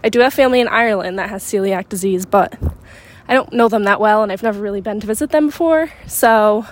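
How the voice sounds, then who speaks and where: A young woman hosting a podcast, chatting excitedly while out on a walk, a little out of breath. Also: medium pitch, fast talker. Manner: bubbly, rambling, excitable. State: slightly out of breath. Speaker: podcast host. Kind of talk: casual chat. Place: outdoors on a walk in a neighborhood, windy.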